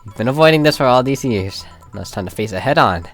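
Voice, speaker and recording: A man voicing a weary, anxious young woman bartender in a fan reading of a visual novel, talking in halting, stammering, self-mocking bits. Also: medium pitch, animated, soft background music, lightly acted. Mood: nervous.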